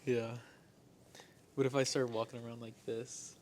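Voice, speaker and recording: A man's voice: mid-range voice, flat delivery, moderate pace, a little mellow. A young man co-hosting a casual podcast, rambling and trailing off with many fillers. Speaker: podcast co-host. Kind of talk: casual chat.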